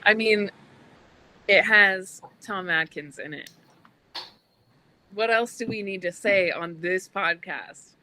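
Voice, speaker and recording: Slow-talking bright-voiced woman. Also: mid-range voice, poor audio. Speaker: podcast co-host. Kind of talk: casual film discussion.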